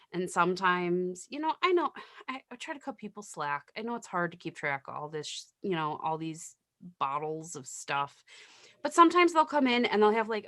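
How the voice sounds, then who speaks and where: Woman, nurse, candid storyteller, bright voice, dry close sound. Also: fairly low pitch, no echo. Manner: candid, storytelling, swears casually. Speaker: nurse, guest. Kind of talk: casual podcast chat.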